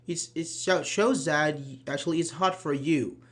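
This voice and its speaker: Guy teaching grammar online, slightly high voice, patient, lots of uh-huhs. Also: moderate pace. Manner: explains patiently, acts out example sentences, many "uh-huh"s. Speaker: English teacher.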